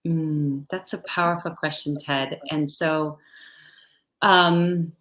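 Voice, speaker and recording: Woman, reflective storyteller, slow, halting, bright tone, roomy echo. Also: low-pitched, steady tone. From United States. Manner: slow, soft-spoken and halting. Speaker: guest. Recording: echoey room.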